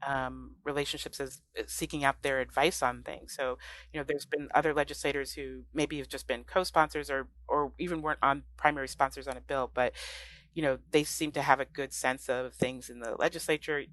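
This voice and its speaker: A woman guest on a podcast interview, talking in a thoughtful, relaxed way with many fillers and restarts. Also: a bass voice, a little fast. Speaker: guest, ranked choice voting advocate.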